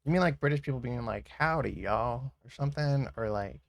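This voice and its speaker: A man's voice: medium pitch, fast, no room sound. A man streaming while he draws, chatting casually with viewers in a rambling, giggly way.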